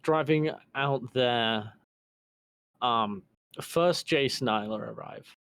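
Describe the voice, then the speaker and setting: A man running a tabletop game as game master over voice chat, halting and full of restarts. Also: mid-range voice, a bit bright, clear, resonant tone.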